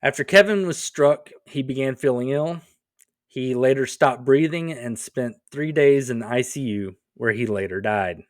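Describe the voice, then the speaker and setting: Man, podcast co-host, casual storytelling, wry asides, mid pitch, dry close mic. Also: moderate pace, no room sound. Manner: relaxed, wry, joking asides.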